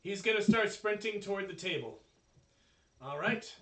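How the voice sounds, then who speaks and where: Bright-voiced man running a tabletop game. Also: high voice, expressive, normal speed, echoey room, recorded from a distance. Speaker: game master.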